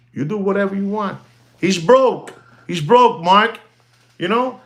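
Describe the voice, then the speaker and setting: A middle-aged man giving casual, animated commentary on the watch market, peppering his talk with "you know" and the odd Spanish phrase. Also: on the high side. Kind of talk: casual talking-to-camera commentary.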